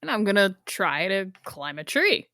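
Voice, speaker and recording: A woman's voice: mid-range voice, big pitch swings, moderate pace, pushed and bright, dry recording. A woman playing a tabletop game, matter-of-fact with dry humor. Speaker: player. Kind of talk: casual tabletop play.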